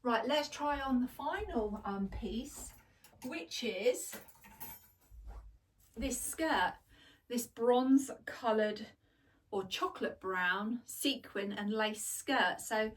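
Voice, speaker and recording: A woman's voice: a little high, slow pace, far from the mic. A middle-aged woman chatting through a clothes try-on haul at home, gushing, laughing and joking about herself. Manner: chatty, gushing, self-deprecating, laughs often. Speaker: fashion vlogger. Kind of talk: casual try-on haul chat. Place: home, indoors.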